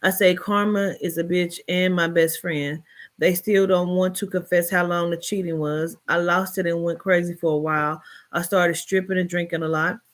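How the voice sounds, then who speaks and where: A woman's voice: fairly low pitch, normal speed. Chatty woman telling a story. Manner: chatty, expressive retelling with colloquial asides. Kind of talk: reading a short story aloud, then casual storytelling.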